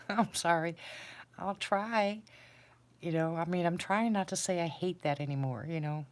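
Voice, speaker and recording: Low-voiced chatty woman livestreaming. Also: a little slow, long pauses. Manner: rambling, self-deprecating, chatty. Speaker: livestream host. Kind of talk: casual chat with viewers. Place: sitting on a floor indoors.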